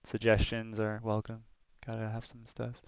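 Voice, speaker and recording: A young man co-hosts a streamed talk show, rambling through animated stories packed with fillers in casual chat. His voice is fairly low and clean, at a moderate pace, with no room sound and lo-fi audio quality.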